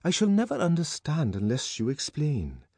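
A man reading an audiobook, voicing an earnest, curious man who speaks in slow, drawn-out phrases. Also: fairly high pitch, huge pitch swings, darkish tone, slightly rough, dry recording, voice pushed up, full character voice. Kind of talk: audiobook character voice.

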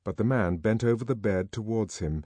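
An audiobook narrator with a fairly low, slightly breathy voice tells the story in a measured, expressive manner. He's recorded close on a studio mic, with no echo.

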